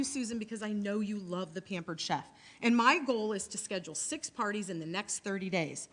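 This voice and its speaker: A middle-aged Illinois woman with a voice on the high side leads a lively, chatty training talk for her sales team, acting out lines of dialogue.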